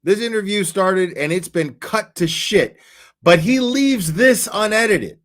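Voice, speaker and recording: A man's voice: sits high, animated, unhurried, a bit bright. Profane rambling male stream host. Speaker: host reacting to an interview clip. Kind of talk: live stream commentary.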